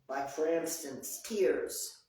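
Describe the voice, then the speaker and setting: In a group meeting room with heavy echo, the session leader's deep, dark voice comes through slowly on a distant mic. Speaking off-mic, she guides a support group talk earnestly, returning to the same phrases to stress them.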